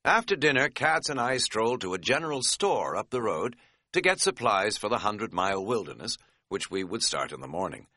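A man's voice: on the low side, very animated, a little fast, pushed and bright, no room sound. A man reading an audiobook, telling the story with a wry, dry humor. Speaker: narrator. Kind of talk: audiobook narration.

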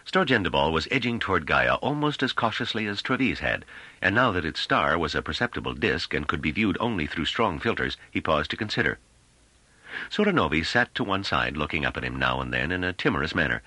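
A man reading an audiobook as narrator, expressive and scripted. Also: a little fast, dry recording. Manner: expressive reading with wide swings in pitch.

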